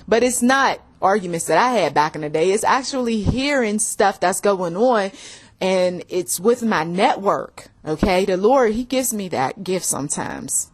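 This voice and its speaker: Woman, casual commentary, laughs often, playful acted quotes, relationship advice host. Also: medium pitch. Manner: laughs often, acts out both sides of arguments in lively voices. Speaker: host of faith-based relationship talks.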